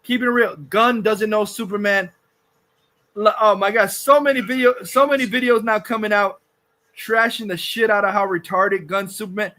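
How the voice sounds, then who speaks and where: A man's voice: high-pitched, steady tone, normal speed, pushed and bright. A man hosting a livestream, ranting angrily and profanely, repeating himself. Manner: furious, profane, repetitive ranting. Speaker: livestream host.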